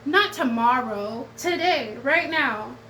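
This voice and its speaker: A woman's voice: high voice, lively intonation, takes it slowly, pushed and bright, a little hiss or hum, rough recording. A woman tarot reader talking straight to her viewers in a casual vlog, blunt and profane, swinging between defiance and tenderness and close to tears at times.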